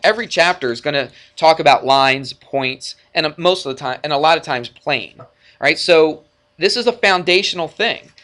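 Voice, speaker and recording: A male math teacher lecturing a class in a classroom, energetic and jokey, often checking in with the students. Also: on the high side. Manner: energetic, jokey, asks frequent check-in questions.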